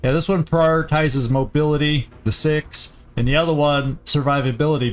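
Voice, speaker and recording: A man hosting a let's play, giving casual gameplay commentary as he thinks aloud, often halting and restarting. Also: on the high side.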